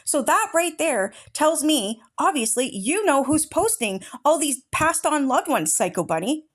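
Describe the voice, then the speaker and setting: A woman's voice: high voice, big pitch swings, a little slow. A woman hosting an online commentary channel, reading chat messages aloud and cutting in with angry, profane outbursts. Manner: furious, profane, confrontational. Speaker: true-crime commentary channel host.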